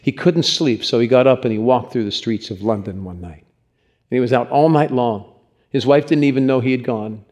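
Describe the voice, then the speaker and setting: A male pastor preaching a sermon in his church, moving through stories with earnest, conversational warmth of delivery. His pitch sits in an ordinary middle range for a man, and he talks to the congregation directly. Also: moderate pace.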